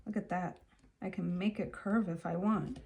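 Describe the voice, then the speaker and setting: A woman's voice: lowish voice, steady tone, moderate pace, darkish tone. A woman artist talking casually to herself as she paints and stamps at her table. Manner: musing aloud to herself while she works. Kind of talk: casual commentary while painting. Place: home art table. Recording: clear clicking noise behind.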